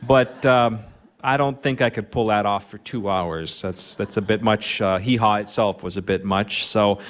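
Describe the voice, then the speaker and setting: A man's voice: on the low side, normal speed, a bit bright. A man with a Minnesota accent hosting a live radio show from a barn, telling dry, wry humorous stories full of small asides and fillers.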